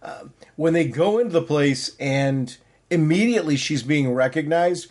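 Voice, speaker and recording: A man talks comics in a casual podcast chat. His voice sits a bit high, and he rambles eagerly, restarting his sentences as he goes. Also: animated, normal speed, darkish tone. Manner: enthusiastic, rambling, many restarts. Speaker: podcast co-host.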